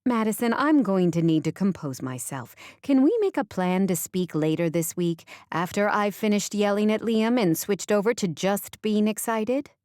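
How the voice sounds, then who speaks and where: Woman voicing a brisk, gushing older mother. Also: medium pitch, lively intonation, a little mellow, no echo, clean studio sound, voice pushed up, natural voice. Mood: composed. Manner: formal, commanding, gushing. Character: older mother and boss, brisk, warm, excitable.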